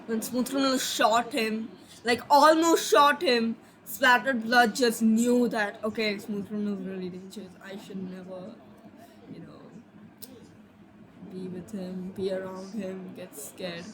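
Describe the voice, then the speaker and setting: A woman's voice: mid-range voice, little pitch movement, unhurried, a bit bright, slight background noise, low-quality recording. Sleepy, rambling young woman storyteller. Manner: rambling, apologetic, trailing off. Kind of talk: casual fanfic storytelling.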